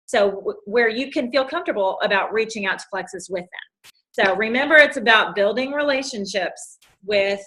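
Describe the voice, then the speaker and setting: A woman's voice: fairly high pitch, pushed and bright. A woman with a Southern US accent, co-hosting a casual chat, talking in a chatty way full of fillers and restarts. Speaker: co-host.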